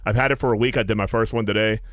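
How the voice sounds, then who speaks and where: A man's voice: lowish voice, fairly even intonation, very fast, no echo, studio quality. A young man, co-hosting a podcast and animatedly telling crude personal stories through bursts of laughter. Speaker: podcast co-host. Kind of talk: casual podcast chat.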